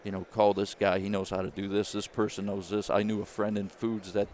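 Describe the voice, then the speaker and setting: A man, a former caddie turned business founder, telling a lively story in an interview and acting out the people he quotes. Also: lowish voice, brisk, a little hiss or hum. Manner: animated storyteller, acts out quoted voices.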